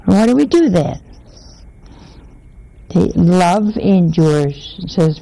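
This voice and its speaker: A woman's voice: lowish voice, expressive, slow, vocal fry, pauses often, mellow, rough recording. A woman giving a religious teaching, telling homely stories and asking her listeners rhetorical questions.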